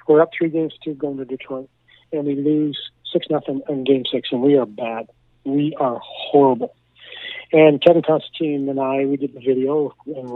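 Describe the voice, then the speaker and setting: A man's voice: fairly high pitch, no room sound. A man, a former hockey coach turned broadcaster, telling stories in a radio interview with lots of repeated words and acted-out dialogue. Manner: animated storyteller, repeats words, acts out quoted dialogue. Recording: tinny phone line, dry.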